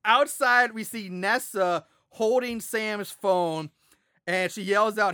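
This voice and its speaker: A man with a high, bright voice co-hosts a casual movie podcast and walks through the plot in an animated, cursing way. He laughs easily and keeps the retelling loose. The sound is dry and close. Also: slow pace, smooth, no room sound. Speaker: podcast co-host. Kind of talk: casual movie recap chat.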